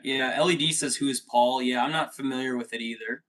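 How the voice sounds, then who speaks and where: A man's voice: medium pitch, a little fast, a bit bright. A man in his thirties hosting a livestream, chatting casually and swearing often while reading out chat comments. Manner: profane, rambling, says dude a lot.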